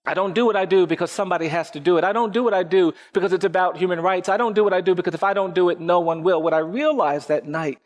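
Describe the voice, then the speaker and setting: High-voiced man telling a story in a hall. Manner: measured, repetitive rhythmic storytelling. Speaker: lawyer. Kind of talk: public speech storytelling. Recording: echoey hall with faint music.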